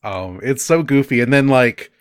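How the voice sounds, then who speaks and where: A man's voice: medium pitch, normal speed, smooth, no room sound, clean studio sound. Laid-back man riffing on a film. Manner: laughs often, swears, loose rambling phrasing. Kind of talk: casual film discussion chat.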